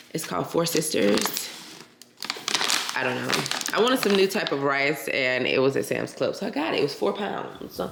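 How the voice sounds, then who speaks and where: In her home's indoor rooms, a weary woman vlogger talks casually to the camera, calling her audience y'all and friend. She has a low voice, and the echoey home recording carries a little hiss or hum.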